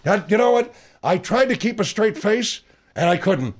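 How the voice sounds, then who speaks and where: A man's voice: sits high, expressive, moderate pace, voice pushed up. A man voicing a blunt, mocking woman guest who teases the caller.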